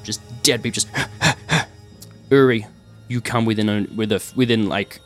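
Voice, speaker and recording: A man narrating a tabletop game as game master, animated and hesitant. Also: on the low side, normal speed, soft background music.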